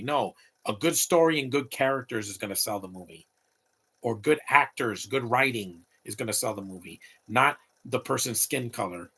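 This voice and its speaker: A man's voice: mid-range voice, normal speed, sharp tone, husky. A man in his late thirties giving opinionated, rambling live commentary over a movie, talking back at the screen. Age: late 30s.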